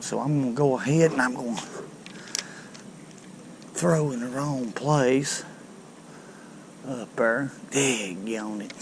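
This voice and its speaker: A man's voice: mid-range voice, slight background noise. A man hosting a fishing video, chatting in a folksy way from a boat by some docks and talking to the fish he catches. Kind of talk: casual outdoor fishing commentary.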